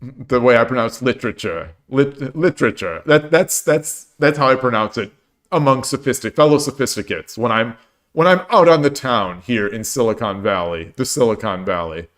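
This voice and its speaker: A man's voice: medium pitch, normal speed, a bit bright. Tired, rambling man streamer. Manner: rambling, with frequent restarts and self-deprecating jokes. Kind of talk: casual chat while streaming games.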